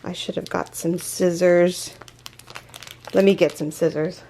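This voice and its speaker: A woman hosting a crochet channel, chatting through a casual unboxing vlog in an excitable, gushing way, rambling with fillers and restarts. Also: fairly low pitch, measured pace, slight background noise.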